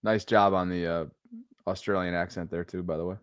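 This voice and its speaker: A middle-aged man co-hosting a podcast, chatting casually with a playful, drawn-out joking delivery. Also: low voice, level tone, smooth, dry recording, clean studio sound. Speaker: podcast co-host. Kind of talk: casual chat.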